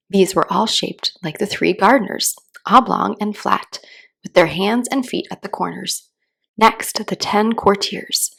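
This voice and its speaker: A woman reads a children's bedtime story aloud in a calm, soothing storytelling voice. Her delivery is slow and gentle, with a gravelly, creaky texture and a pitch that sits in the middle of the range.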